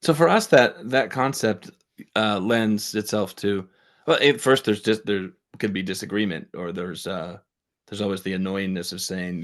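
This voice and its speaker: A lower-pitched man hosting a podcast interview. He talks things through out loud, with plenty of fillers and restarts, and he answers the guest with short affirmations. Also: steady tone, normal speed. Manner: thinks aloud with fillers and restarts, brief affirmations. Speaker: podcast host. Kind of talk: casual interview chat.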